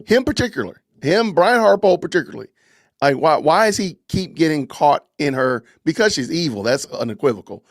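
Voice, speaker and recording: A man's voice: a little high, sing-song, a little fast, dry recording, studio quality. A man hosting a podcast, delivering an impassioned, preachy commentary rant with lots of repetition and emphatic commands. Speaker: podcast host.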